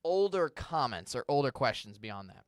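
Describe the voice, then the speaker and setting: A man doing a live weather Q&A from a TV studio, chatting casually through viewer questions and now and then hunting for a word. His voice is smooth and clear, mid-pitched, and recorded close with no room sound. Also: big pitch swings, moderate pace, dry recording. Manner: conversational, reads viewer questions aloud; stumbles and restarts when searching for words. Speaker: meteorologist. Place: TV station studio.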